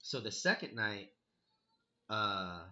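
Brief: young guy, bright forceful voice, animated and sweary, muffled lo-fi sound. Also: lowish voice, slow. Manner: animated, swearing, heavy on 'like' and 'dude'. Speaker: storyteller. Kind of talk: casual storytelling chat.

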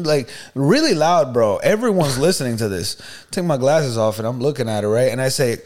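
A man co-hosting a podcast, telling a story in a lively, slangy way and often asking "you know what I mean". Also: medium pitch, brisk. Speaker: podcast co-host. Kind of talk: casual storytelling chat.

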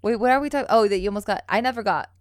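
A woman's voice: mid-range voice, racing, dry recording, studio quality. A young woman co-hosting a casual podcast chat, telling stories loosely with lots of swearing and "um" and "like". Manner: loose, profane storytelling with many fillers. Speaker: podcast co-host.

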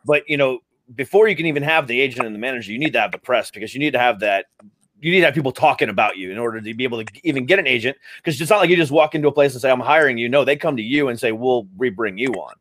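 A man's voice: medium pitch, very fast, a bit bright. A man hosting a livestream interview, asking questions in a casual way with many fillers. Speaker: interview host.

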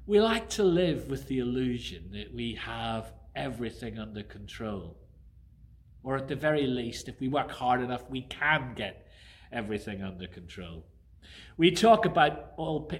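A man preaching a sermon who opens with a prayer and tells a story in a conversational, animated way. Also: medium pitch, moderate pace.

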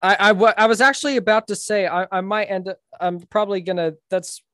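A man's voice: high voice, fairly even intonation, a little fast, pushed and bright, clean tone, dry recording, clean studio sound. A young man in his late teens co-hosting a podcast, talking in a hesitant, stammering way. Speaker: podcast co-host. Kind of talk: casual chat.

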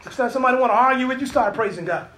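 A man's voice: very high voice, rapid-fire, fairly bright tone. A man. He tells his stories animatedly, acts out the voices in them and laughs often. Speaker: preacher. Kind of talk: sermon.

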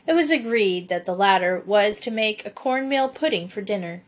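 A woman narrating a classic children's storybook aloud. Her reading is steady and measured, with a voice of ordinary pitch. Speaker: audiobook reader.

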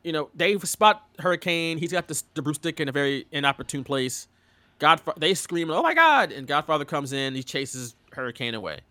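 A man's voice: a little high, fairly quick, pushed and bright, dry recording. A man co-hosting a podcast, telling a story in casual chat and laughing often. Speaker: podcast co-host.

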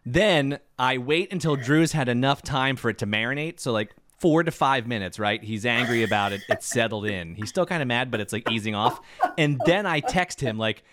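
A man co-hosting a podcast in casual chat, telling jokey stories in an animated way. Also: medium pitch, moderate pace. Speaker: podcast co-host.

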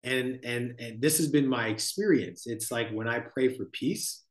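A man, a podcast guest, talking slowly and thoughtfully about life and spirituality, often adding "like" and "right?". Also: mid-range voice, reverberant. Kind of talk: reflective conversational storytelling.

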